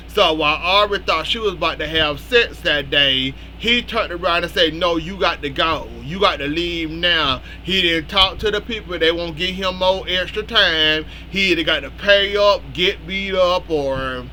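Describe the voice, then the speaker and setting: A man's voice: on the high side, pushed and bright, a little hiss or hum. A man in casual spoken commentary, recapping a soap opera and scolding its characters bluntly.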